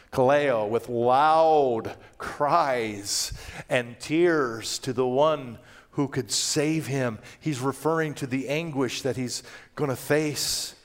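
Impassioned male pastor preaching. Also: mid-range voice. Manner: impassioned, swings between loud emphasis and hushed tones. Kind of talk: sermon.

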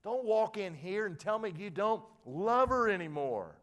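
A man in his sixties, a pastor, preaching a sermon with animated storytelling that swings from quiet asides to loud emphatic lines, often repeating words as he builds up. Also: sits high, a little slow. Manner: repeats and restarts words when fired up.

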